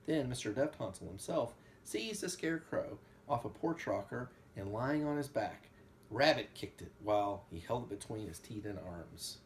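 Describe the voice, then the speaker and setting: A man reading a storybook aloud at home to a child, with animated storytelling and quick asides. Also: mid-range voice, slight background noise.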